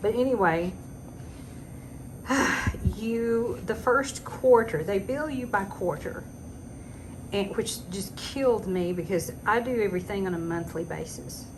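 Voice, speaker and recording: A woman's voice: medium pitch, measured pace. Fed-up woman in her sixties ranting. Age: 60s. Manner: exasperated, talkative, sarcastic asides. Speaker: vlogger. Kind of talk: casual rant. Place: at home. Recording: noticeable background noise.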